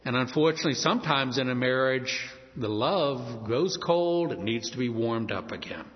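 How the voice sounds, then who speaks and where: A man's voice: medium pitch, animated, moderate pace. A man preaching a sermon, emphatic, with a voice that rises and falls. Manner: emphatic, rising and falling. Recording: dull lo-fi audio in a long-reverb hall.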